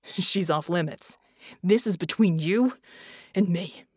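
A woman voicing a wounded young man who talks quietly and firmly, pitched lower than her narration, in an audiobook. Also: slow, breathy edge, dry recording, clean studio sound. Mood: determined.

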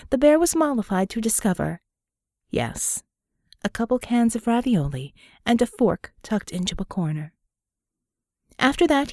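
A woman narrating an audiobook in a wry, even storytelling manner. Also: medium pitch, dry recording, studio quality. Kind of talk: scripted narration.

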